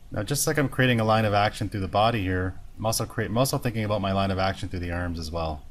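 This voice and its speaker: A man teaching a storyboarding tutorial, talking through each step in a relaxed, thinking-aloud way. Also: lowish voice, quick pace. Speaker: animation instructor. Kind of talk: screen-recorded software tutorial.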